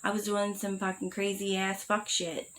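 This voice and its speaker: A woman's voice: mid-range voice, completely flat delivery, moderate pace, fairly bright tone, poor audio. Blunt swearing woman telling her story. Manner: blunt, swears freely, rambling with many fillers. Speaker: vlogger. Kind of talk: candid personal storytelling.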